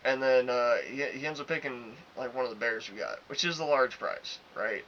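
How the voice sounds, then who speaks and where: A man's voice: medium pitch, normal speed, a bit bright. Ranting young man, slightly dull recording. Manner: crude, ranting, acts out both sides of arguments. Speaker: podcast co-host. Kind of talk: casual storytelling chat. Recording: slightly dull, faint hiss.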